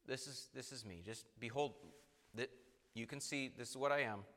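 A man preaching a sermon, moving between quiet asides and emphatic bursts and acting out the voices of the people in his text. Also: mid-range voice, moderate pace. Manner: acts out quoted voices, swings between soft and emphatic. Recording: long hall reverb.

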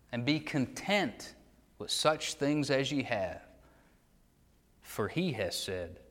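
A man preaching a sermon, emphatic, repeating phrases and swinging between loud declarations and hushed asides. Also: mid-range voice, big-room sound.

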